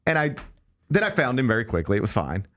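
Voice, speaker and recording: A man's voice: mid-range voice, fast. A middle-aged man hosting a sports show, telling self-deprecating stories in casual chat. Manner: animated, self-deprecating storytelling.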